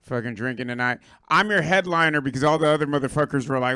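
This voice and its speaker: A hoarse Puerto Rican-born man doing a rambling, profane stand-up set on a club stage, riffing with the crowd. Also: on the high side, quick pace, bright, forceful tone. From Puerto Rico. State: hoarse, lost his voice. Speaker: stand-up comedian.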